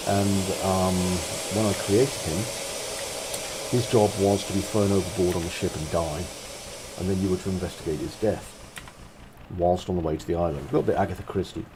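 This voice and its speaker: A man's voice: deep voice, fairly even intonation, normal speed, background noise. A man who is a game developer, giving casual gameplay commentary in a chatty, self-mocking way with frequent asides.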